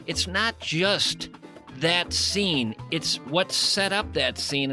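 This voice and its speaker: A man's voice: high voice, gravelly, sharp tone. A man hosting a radio interview, enthusiastic and reading passages aloud to his guest. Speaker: radio host.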